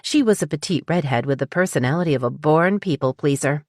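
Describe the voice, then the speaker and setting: A woman narrating a romance novel with even, measured storytelling in a close studio recording. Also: sits low, dry recording. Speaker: audiobook narrator. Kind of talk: scripted narration.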